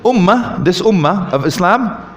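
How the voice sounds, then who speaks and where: A man giving a lively talk on marriage at a mosque, asking the audience questions and joking. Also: high-pitched, unhurried. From Canada. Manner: animated, asks the audience questions, jokes. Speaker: visiting Islamic speaker. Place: mosque hall. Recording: roomy hall with faint ambience.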